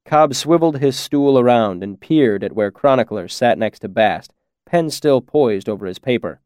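A man reading an audiobook in a measured storytelling manner. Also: mid-range voice, expressive, darkish tone, clear, resonant tone, no echo, clean studio sound. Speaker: audiobook narrator. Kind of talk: audiobook narration.

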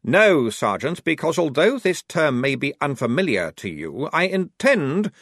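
A prim young officer, put on by a male reader, speaking in a high, lively voice with clipped, exact phrasing and an air of smug politeness. The recording is close and dry. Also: dry recording, full character voice. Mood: crisp. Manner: brisk, precise, pleased with himself.

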